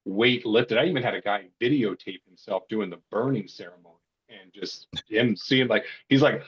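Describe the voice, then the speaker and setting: A husky man with a fairly low voice, a burnout coach guesting on a podcast. He tells his stories in a casual, animated way and slips into the voices of the people he quotes. The recording sounds dull and lo-fi. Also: normal speed. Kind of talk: casual storytelling.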